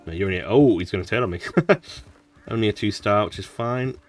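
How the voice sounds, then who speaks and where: A man's voice: fairly low pitch, a little fast, far from the mic, faint music behind. A man casually commenting on his playthrough as a gaming streamer, chatty with mumbled asides. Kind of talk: casual let's-play commentary.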